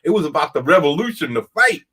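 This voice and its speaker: A fired-up man rants on a casual talk show, his fairly high voice swinging widely in pitch and coming out fast, pushed, and bright with a breathy edge. He is emphatic, hammering points home by repeating them, and speaks plainly and folksily while laughing often.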